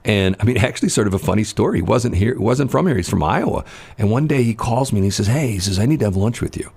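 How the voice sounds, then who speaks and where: Deep-voiced rambling radio host. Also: male voice, animated, fast, vocal fry, darkish tone, breathy edge. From St. Louis area, Missouri. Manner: rambling storyteller, laughs often. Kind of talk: casual morning radio chat.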